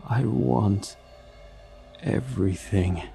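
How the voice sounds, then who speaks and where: A monstrous creature drawls slowly in a Texas accent, every word unhurried and threatening, as a male narrator puts him on. The voice sits low and dark. Soft music plays underneath the storytelling. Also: vocal fry, heavily acted. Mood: menacing. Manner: slow, drawling, menacing.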